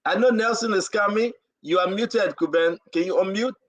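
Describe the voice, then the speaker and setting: Male host, fairly high voice, lively and pleading, keeps callers in line. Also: moderate pace, highs cut off. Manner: animated, pleading asides, directs callers. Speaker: talk show host and moderator. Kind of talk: online call-in talk show.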